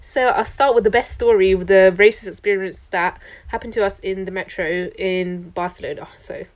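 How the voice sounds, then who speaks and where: A young woman tells a travel story straight to camera. She sounds chatty and indignant, and her sentences are full of "like". Her pitch sits in the middle range. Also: steady tone, moderate pace. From London, England. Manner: chatty, indignant, heavy use of "like". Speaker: traveller recounting a trip.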